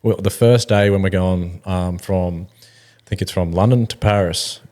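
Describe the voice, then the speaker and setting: A man's voice: deep voice, fairly even intonation, normal speed, warm tone. A man in his thirties with an Australian accent, rambling through stories in casual, swear-heavy podcast chat. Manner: rambling storyteller, heavy swearing, laid-back slang. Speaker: podcast co-host.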